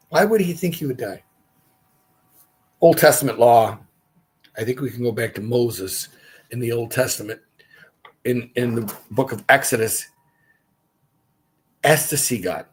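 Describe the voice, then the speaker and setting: A man's voice: mid-range voice, measured pace, pauses often, breathy edge, poor audio. A man leading a casual livestreamed Bible study, reading scripture aloud and adding his own asides.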